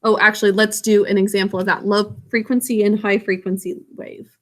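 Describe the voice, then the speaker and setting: A woman's voice: medium pitch, little pitch movement, brisk. Teacher woman talking through a lesson. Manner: casual, thinks aloud with self-corrections. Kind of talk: recorded classroom lesson.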